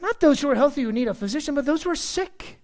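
A man's voice: very high-pitched, fast. Guy preaching a sermon in church, voice swinging up and down a lot, cracking jokes at the crowd. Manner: animated, joking asides to the congregation. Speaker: pastor.

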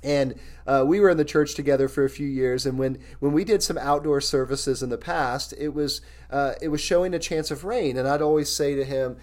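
A male pastor preaching a sermon in an earnest, candid, personal way, reading scripture slowly and deliberately. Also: medium pitch, fairly even intonation, a little mellow.

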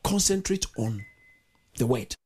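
A preacher delivering a fervent sermon over an online video meeting, moving between shouted declarations and quiet pleading. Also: mid-range voice, very animated, unhurried, breathy edge.

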